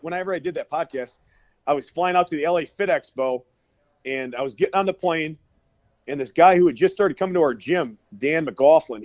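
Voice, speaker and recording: A man's voice: fairly high pitch, dry recording. Rowdy, profane man telling stories. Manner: profane, laughing, rowdy storyteller. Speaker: podcast guest, powerlifter. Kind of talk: casual storytelling. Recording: remote call, breaking up.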